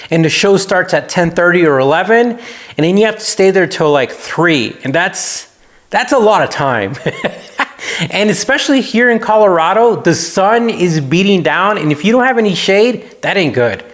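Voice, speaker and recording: A man with a fairly high voice speaks casually to his audience as a YouTuber. He tells his stories in a lively way and briefly mimics the people he meets. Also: moderate pace. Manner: animated storytelling, acts out quoted people. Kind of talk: casual talking-head vlog.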